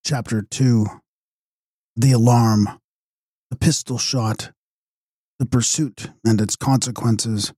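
Steady male audiobook narrator. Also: medium pitch, slow pace, long pauses, breathy edge, no echo, studio quality. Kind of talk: audiobook narration of a gothic novel.

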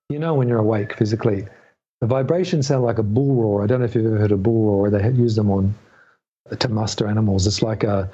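Middle-aged male guest, mellow and husky, rambling storyteller, dull lo-fi audio. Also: medium pitch. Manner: rambling, halting, many restarts. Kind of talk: storytelling in a podcast interview.

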